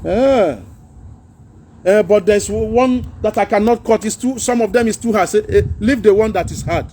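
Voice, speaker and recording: A man's voice: sits high, normal speed, mellow, slight background noise. A middle-aged Nigerian man with a Nigerian accent hosting a casual political livestream, earnest and preachy, slipping into pidgin and laughing at his own jokes. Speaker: social media livestream host.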